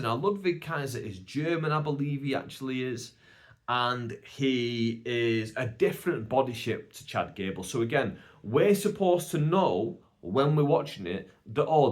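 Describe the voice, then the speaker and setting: A British man hosting a casual solo podcast, telling a long story in a chatty, rambling way with many asides. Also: medium pitch. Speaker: podcast host.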